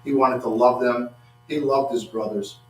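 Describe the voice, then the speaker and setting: A man preaching a sermon, halting and repeating words, acting out quotes with rising excitement. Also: mid-range voice. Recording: echoey room from far off with faint hum.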